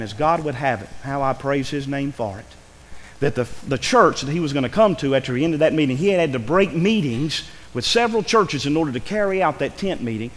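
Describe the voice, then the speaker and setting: Earnest preacher in a reverberant church. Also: male voice, a little high. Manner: earnest, pleading, rising with emotion. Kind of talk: sermon. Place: church sanctuary.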